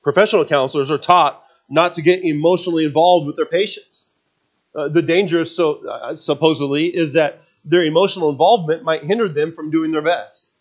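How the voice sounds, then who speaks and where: A man delivering a sermon from the pulpit, his voice sitting a little higher than most men's. He preaches earnestly, building to fervent passages and dropping into relaxed, self-deprecating asides, and he leads the congregation in reading scripture aloud. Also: brisk. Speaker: pastor.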